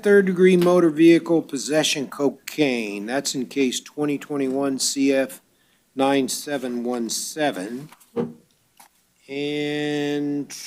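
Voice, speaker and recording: A man serving as a judge at a bond hearing, reading out charges and amounts in a matter-of-fact way with hesitant fillers. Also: on the high side.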